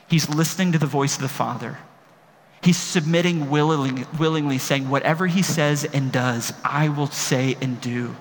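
A man preaching a sermon as pastor, impassioned, moving between quiet reflection and emphatic calls. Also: fairly high pitch. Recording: long hall reverb, faint room noise.

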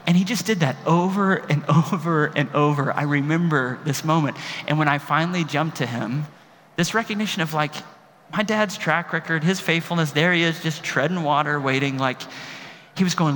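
A male pastor delivers a sermon in a large hall with a long, ringing reverb and faint noise behind him. His voice sits a little high for a man, and he builds from measured reflection to emphatic, impassioned peaks. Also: a bit bright. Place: large room.

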